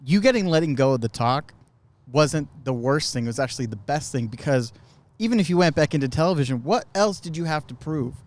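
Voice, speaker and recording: Earnest, slightly high-voiced man. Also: lively intonation, fairly quick. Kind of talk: casual chat.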